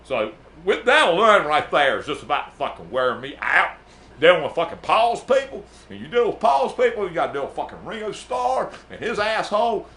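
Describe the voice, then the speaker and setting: A man's voice: high-pitched, big pitch swings, a little fast, bright, forceful tone, full character voice. A man playing a brash, profane music manager, rambling and boasting in an improvised comedy bit. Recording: echoey room.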